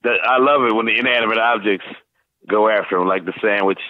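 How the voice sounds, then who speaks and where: Voice actor guest, man in his fifties from Saint Louis, very low voice, animated storyteller, tinny phone line. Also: no echo. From Saint Louis, USA. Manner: animated, tosses in quick voice impressions. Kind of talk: casual storytelling interview. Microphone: phone call.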